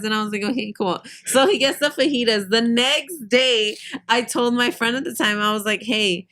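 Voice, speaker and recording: A woman telling a story in casual podcast chat, blunt and animated, acting out what people said. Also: on the high side, normal speed. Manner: blunt, animated, laughing, acts out dialogue. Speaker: podcast guest.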